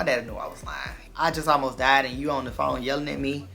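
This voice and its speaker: A man vlogger telling a dramatic personal story in an animated, profane, emphatic way. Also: medium pitch, brisk, vocal fry, few pauses, faint music behind. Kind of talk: storytime vlog.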